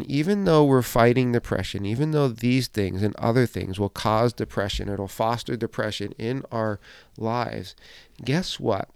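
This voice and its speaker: A man's voice: on the low side, vocal fry, darkish tone, clean tone, no echo, clean studio sound. A middle-aged man giving an earnest, conversational devotional talk as host of a Christian podcast, repeating phrases and using fillers.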